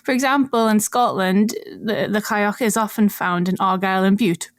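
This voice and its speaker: A woman's voice: mid-range voice, steady tone, moderate pace, no echo. Give me a woman, explaining fieldwork casually with frequent laughs, dry recording. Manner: explains patiently, laughs often. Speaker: podcast co-host, archaeologist. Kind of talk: casual chat.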